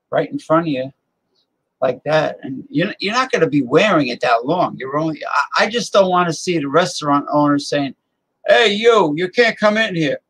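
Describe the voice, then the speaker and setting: 男性ホストのくだけた雑談。やや高めの声で、話があちこちに脱線しながら相手に助言していく。. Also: male voice, a little high, fairly bright tone, husky, rough recording. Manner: rambling, advice-giving. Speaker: host. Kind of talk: casual chat.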